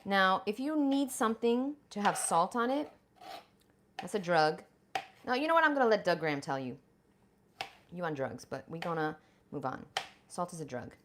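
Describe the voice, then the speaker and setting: Outspoken woman host with a lowish voice, cursing freely as she preps food live in her kitchen, faint hiss behind her. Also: lively intonation, moderate pace, pauses often. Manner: blunt and profane, emphatic; chatty, addresses viewers directly. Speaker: raw vegan lifestyle vlogger. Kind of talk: casual livestream chat while cooking.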